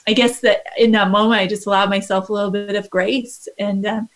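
A woman's voice: medium pitch, flat delivery, fairly quick. Earnest woman talking openly. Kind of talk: casual chat.

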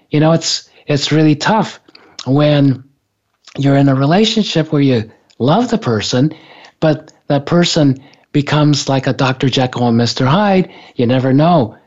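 A man's voice: medium pitch, darkish tone, husky. A man casually telling a personal story in a rambling, hesitant way, often stopping and restarting. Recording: dull lo-fi recording.

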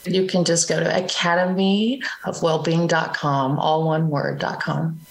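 A woman guest on a panel, answering in short, calm phrases. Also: sits low, measured pace, vocal fry, rough recording. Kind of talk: casual chat.

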